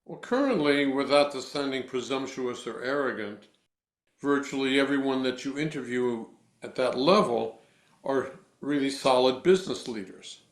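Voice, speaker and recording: A man working as a voice coach, guiding a breathing exercise with slow, deliberate, instructive cues and then answering interview questions. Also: medium pitch, expressive, roomy sound.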